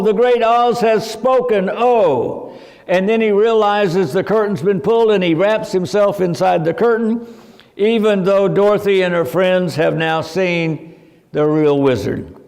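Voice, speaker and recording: A man teaching a religious seminar in a slow, preacherly manner. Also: high voice, creaky, a little mellow, in a large hall.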